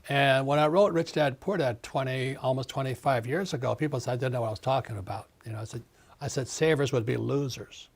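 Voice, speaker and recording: An older man in his seventies with a husky voice speaks as an interview guest. His delivery is emphatic and ranting, and he hammers his points home through repetition. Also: mid-range voice, brisk. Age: 70s. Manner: emphatic, ranting, repeats phrases. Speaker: author and investor guest. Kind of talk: casual interview talk.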